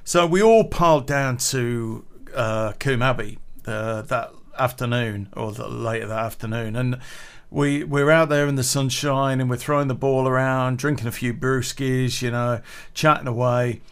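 A man's voice: mid-range voice, fairly even intonation, a little slow, clean tone. A man telling a casual anecdote, chatty, swearing freely and laughing at his own story.

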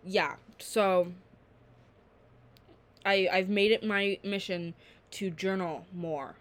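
A nineteen-year-old woman talks alone on her own podcast, rambling candidly and swearing freely in a casual solo chat. Her voice is medium-pitched with fairly even intonation. She takes her time as she speaks.

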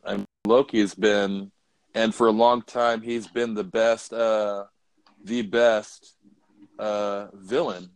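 A man with a fairly low voice co-hosts a casual podcast. He is blunt and joking, dropping swear words offhand. The sound is dry and close, with no room around it. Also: no room sound, poor audio. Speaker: podcast co-host. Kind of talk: casual chat.

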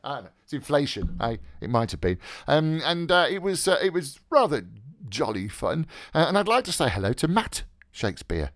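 A man's voice: on the high side, very animated, normal speed, few pauses, no echo. Rambling, chatty male radio host. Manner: rambling, jokey, full of fillers. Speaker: podcast host. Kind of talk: casual radio chat.

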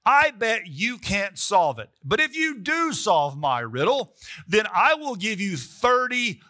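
A cocky young strongman boasts in loose, slangy talk, as a preacher puts him on. The voice sits high and rings very bright, and he swaggers through each line. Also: big pitch swings, slow pace, no room sound, clean studio sound, heavily acted. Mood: boastful. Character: brash young strongman hero.

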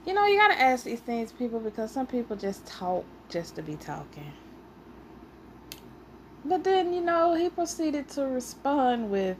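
A woman hosting a casual solo podcast, telling stories in an animated, playfully argumentative way and sounding a little out of breath. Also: high voice, measured pace, a little hiss or hum. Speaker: podcast host.

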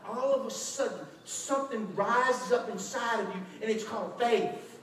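A man preaching a lively sermon as a pastor, acting out quotes with shouts and laughter. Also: extremely high pitch, normal speed, few pauses. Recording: echoey hall, distant mic, faint noise.

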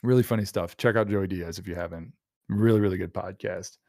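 A man's voice: low voice, brisk, gravelly, warm tone, dry recording, clean studio sound. A young man from New hosting a casual podcast, talking in a rambling, crude way. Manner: rambling, crude, imitates people he quotes. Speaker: podcast host.

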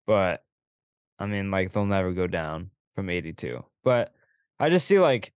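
Low-voiced laid-back podcast host. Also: male voice, sing-song, a little slow, clear, resonant tone, no echo, studio quality. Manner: laid-back, asks questions. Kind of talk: casual sports chat.

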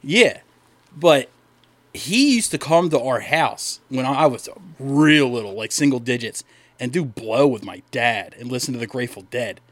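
A man's voice: mid-range voice, lively intonation, unhurried. A young man from Delaware co-hosting a podcast, telling long, profane, rambling stories in casual chat. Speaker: podcast co-host.

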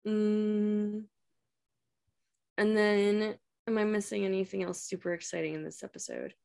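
A woman co-hosting a podcast, chatting casually and upbeat about a TV episode and trailing off into soft asides. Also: medium pitch, expressive, unhurried, vocal fry. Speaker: podcast co-host. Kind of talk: casual chat reviewing a TV episode.

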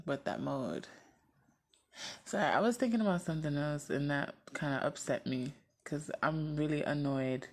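A woman's voice: sits low, expressive, moderate pace, a little mellow. A woman venting to the camera in a casual, blunt and profane way, often repeating herself and laughing.

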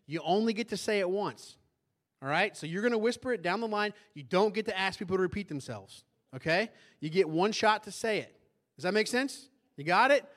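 A male pastor preaching a sermon in a church, animated and often asking the congregation questions. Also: sits high, brisk. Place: church sanctuary.

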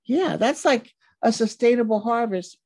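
A woman's voice: a little high, expressive, normal speed, darkish tone. A woman interviewing casually, asking short questions and offering encouraging backchannels.

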